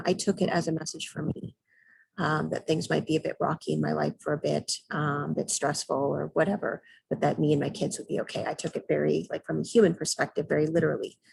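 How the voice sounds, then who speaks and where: A middle-aged woman talking as an intuitive soul guide and mentor in a casual spiritual vlog, calm and hesitant with many ums and throat clears. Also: low-pitched, no room sound, low-quality recording.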